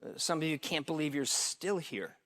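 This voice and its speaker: A man, a care pastor, giving a welcome talk and telling a story into a microphone, halting with fillers and restarts. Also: fairly high pitch, animated, a bit bright. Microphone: handheld microphone.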